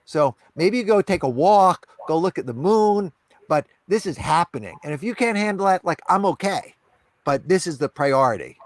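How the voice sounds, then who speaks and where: Emphatic higher-pitched man, dry close sound. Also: lively intonation, normal speed, no echo. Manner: emphatic, repeats phrases, many fillers like "you know" and "right". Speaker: podcast guest, entrepreneur. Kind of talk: candid conversational storytelling.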